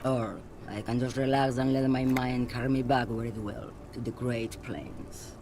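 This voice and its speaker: A man voicing a weary, detached woman truck driver, talking in an unhurried, dreamy, aloof way. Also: medium pitch, fairly even intonation, background noise, natural voice.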